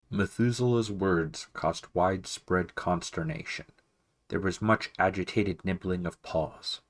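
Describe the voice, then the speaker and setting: A man narrating a children's novel aloud in a calm, measured reading. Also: low voice. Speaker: audiobook reader. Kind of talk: storybook narration.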